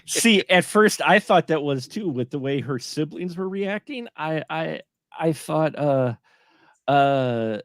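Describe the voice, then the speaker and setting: A man as a guest film reviewer in a casual live stream chat, animated, acting out his own reactions. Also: fairly high pitch, takes it slowly, no echo, studio quality.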